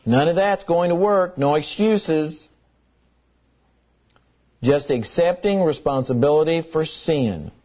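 A man delivers a Sunday-evening-style sermon with a slightly high voice. He leans hard on single words and repeats them for emphasis, and the recording sounds dull and lo-fi. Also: animated, takes it slowly, pauses often. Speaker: pastor.

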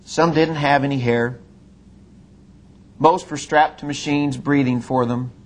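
A middle-aged man, preaching a sermon and telling a personal story in an earnest manner, slowing and dropping low on solemn lines. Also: fairly even intonation. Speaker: pastor.

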